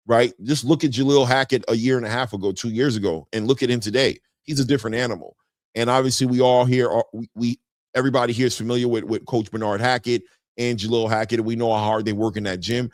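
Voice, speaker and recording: A man hosting a boxing live stream in casual chat, reading viewer comments aloud and often ending his lines with "man". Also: dry recording. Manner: animated, jumps in pitch when greeting viewers. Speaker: boxing show host.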